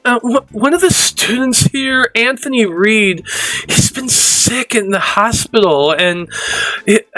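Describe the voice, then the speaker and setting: A man's voice: very high voice, sharp tone, no room sound, voice pushed up, full character voice. A man voicing a tearful, anxious teenage schoolgirl who cries and stammers through her pleas. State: crying.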